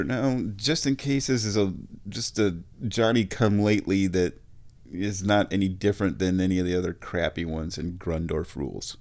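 A middle-aged man with a fairly low voice, talking through memories in a loose, rambling way. He mocks himself and chuckles at his own jokes as he goes. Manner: chatty, self-mocking, laughs at his own jokes. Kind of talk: rambling personal storytelling.

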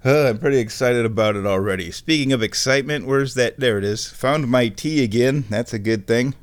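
A man hosting a comedy show, talking in a drawn-out, deadpan, mock-dramatic ramble. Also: medium pitch. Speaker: host.

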